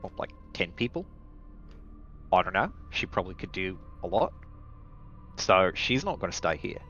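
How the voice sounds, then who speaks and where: A man's voice: deep voice, very animated, normal speed, sharp tone, muffled recording, faint music behind, voice pushed down, heavily acted. A man voicing a nervous, earnest young hacker who rambles and hesitates, in a tabletop game. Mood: apologetic.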